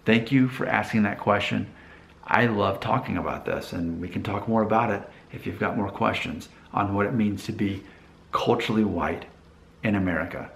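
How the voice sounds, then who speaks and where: A man's voice: lowish voice, moderate pace, vocal fry, a bit bright, echoey room. A man in casual vlog talk, rambling a little, with restarts and asides. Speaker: vlogger. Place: Nashville.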